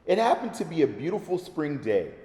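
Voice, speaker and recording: A man reading a children's story aloud, gentle and expressive, his voice slightly high and swinging widely. It sounds mellow and rings in an echoey room with a long reverb. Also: a little fast.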